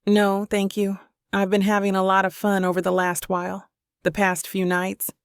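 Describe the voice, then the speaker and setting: A woman voicing a wistful, soft-spoken young man in an audiobook. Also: medium pitch, completely flat delivery, normal speed, clean tone, dry recording, studio quality, lightly acted. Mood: gentle. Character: young man, gentle and wistful film star.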